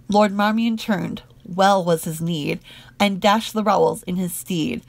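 A woman reading narrative poetry aloud in a measured, rhythmic way. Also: mid-range voice, vocal fry, dry recording. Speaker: audiobook reader.

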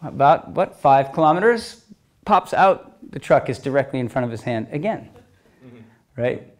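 Animated male storyteller, loud and soft swings. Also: medium pitch, moderate pace. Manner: lively storyteller, swings loud and soft, acts out quoted voices. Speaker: speaker telling stories at a talk.

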